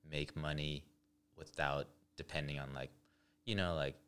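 A man's voice: extremely low pitch, fairly even intonation, a little slow, fairly bright tone, clean tone. A young man, a dance teacher, talking as a podcast guest in easygoing casual chat. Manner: easygoing, agreeable.

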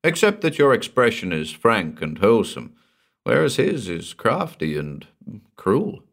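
A man reading a brash, skeptical male collector in an audiobook, firing sharp, incredulous retorts. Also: fairly low pitch, big pitch swings, measured pace, vocal fry, full character voice.

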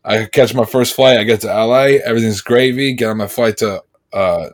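At medium pitch and a brisk pace, a man co-hosting a laid-back podcast spins rambling tales. Quoting others, he acts out their words with animation.

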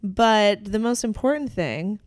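A woman's voice: mid-range voice, animated, unhurried, no echo. A woman co-hosting a casual podcast from home, chatty and laughing often. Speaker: podcast co-host. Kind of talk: casual chat. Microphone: studio mic.

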